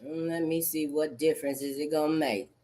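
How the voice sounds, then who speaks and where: A woman's voice: low-pitched, fairly even intonation, brisk, mellow. A woman in a rambling, profane monologue, full of cursing and repetitive outbursts.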